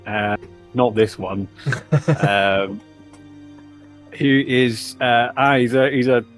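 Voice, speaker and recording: A man in a tabletop game, describing his character in a hesitant, chuckling way. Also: mid-range voice. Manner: hesitant, chuckling, lots of fillers. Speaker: player. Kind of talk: casual chat.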